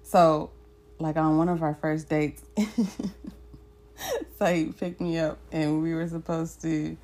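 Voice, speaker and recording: Young woman, podcast co-host, casual storytelling, slightly low voice, animated. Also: slow pace. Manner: animated, laughing storyteller, jumps high for quoted lines.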